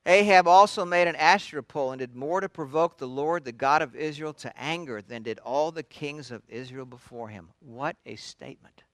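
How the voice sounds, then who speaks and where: A man's voice: on the high side, normal speed, hardly any pauses, fairly bright tone, no echo. A man preaching a sermon, retelling scripture in a conversational storytelling way with frequent restarts. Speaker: pastor.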